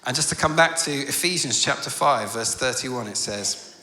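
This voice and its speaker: Guy preaching at a conference, earnest then lively in the stories, big echoey hall. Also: medium pitch, moderate pace. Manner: earnest, turns animated and loud when telling stories. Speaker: conference speaker. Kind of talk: storytelling sermon.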